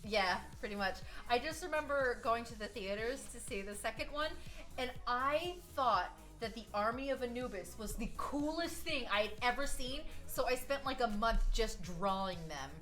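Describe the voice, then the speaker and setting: An American woman chatting casually on a live stream, telling rambling, animated stories. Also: a little high, normal speed, faint music behind. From United States. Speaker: streaming artist.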